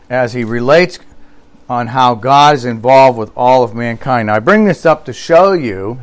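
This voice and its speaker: A male pastor with a mid-range voice preaches a sermon, reading scripture and quotations aloud. He repeats key phrases slowly for emphasis.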